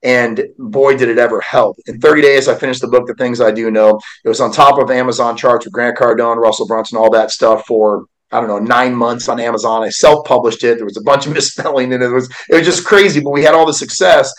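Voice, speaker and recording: Man, forties, podcast guest, earnest, heartfelt storytelling, middle pitch. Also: steady tone, brisk, few pauses, low-quality recording. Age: 40s. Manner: earnest, heartfelt, preacher-like delivery. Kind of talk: emotional personal storytelling.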